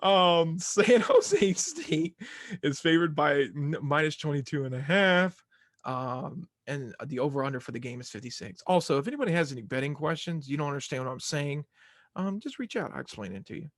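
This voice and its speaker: A man's voice: fairly high pitch, sing-song, moderate pace, a bit bright, dry recording, clean studio sound. A young man hosting a sports podcast, talking casually in rambling, self-mocking rants. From Arkansas fan, southern US.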